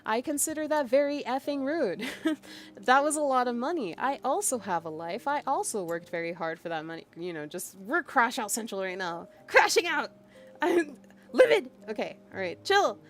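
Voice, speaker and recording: A woman's voice: a little high, lively intonation, moderate pace, a little hiss or hum. A woman streaming as a VTuber, casually venting as she reads out a chat log, exasperated and emphatic with lots of fillers. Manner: exasperated and emphatic, with frequent fillers and bursts of laughter.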